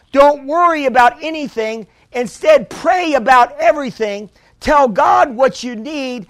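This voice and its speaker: High-voiced pastor preaching with bursts. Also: male voice, no echo. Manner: preaching with sudden loud exclamations. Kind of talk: sermon.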